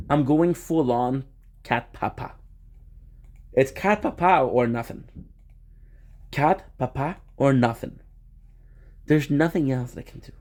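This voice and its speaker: A man's voice: medium pitch, a little mellow. A young man streaming, chatting casually and playfully with viewers, rambling with frequent restarts and laughter.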